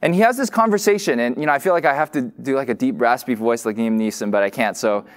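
A man preaching a sermon in a casual way, full of fillers and restarts, who says he tends to talk fast. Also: medium pitch. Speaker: pastor.

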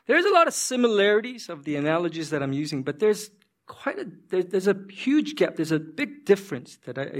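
A male pastor preaching a sermon, telling an animated story that he acts out and checking in with his listeners. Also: on the high side.

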